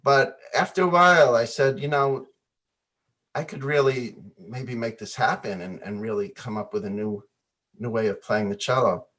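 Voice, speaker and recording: A man telling stories as a guest on a video call interview, animated, often acting out the voices in his anecdotes and laughing. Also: mid-range voice, normal speed. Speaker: guest musician.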